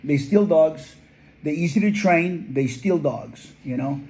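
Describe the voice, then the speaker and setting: A man's voice: fairly high pitch, lively intonation, a little slow, vocal fry, mellow, rough recording. A man, a dog breeder, telling heartfelt stories in an earnest, conversational interview. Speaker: pit bull breeder.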